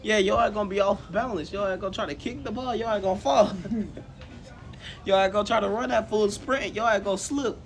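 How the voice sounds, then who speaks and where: Casual male storyteller, high-pitched, animated, slangy, acts out the dialogue. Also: a little fast, vocal fry. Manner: animated and slangy, acts out quoted lines and laughs often. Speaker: co-host telling a fan story.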